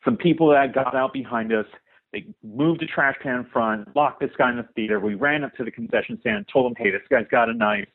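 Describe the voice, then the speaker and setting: A young man leaving a voicemail for a podcast, telling a story in an animated way. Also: mid-range voice, a little fast, slightly rough. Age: young adult. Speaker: caller. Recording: tinny phone line.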